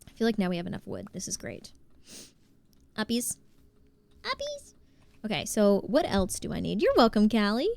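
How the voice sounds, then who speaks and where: A woman's voice: medium pitch, a little mellow, clear, resonant tone, no echo. A woman livestreaming a game, chatting casually, laughing often and greeting her chat. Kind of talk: casual gaming stream chat.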